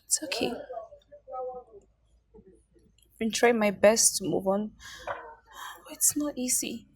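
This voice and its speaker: A woman's voice: very high-pitched, animated, measured pace, exaggerated voice. A woman playing a grieving young woman who lost her daughter, crying and speaking in broken, whispery phrases. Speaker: actress in a film. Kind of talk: film drama acting.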